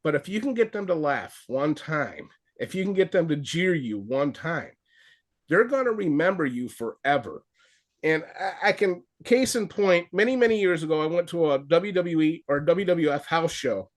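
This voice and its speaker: A man who trains wrestlers, giving casual advice and telling stories from his past in an animated way. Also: on the high side, moderate pace. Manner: animated storyteller, acts out quotes in a raised voice.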